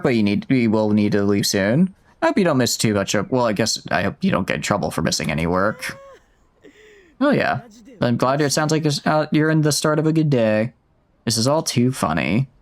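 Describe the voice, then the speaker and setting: A young man casually streaming a game, reading the dialogue aloud and joking with his chat, with a slightly sore throat. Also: mid-range voice. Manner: jokey, chatty, reads lines out with asides to chat.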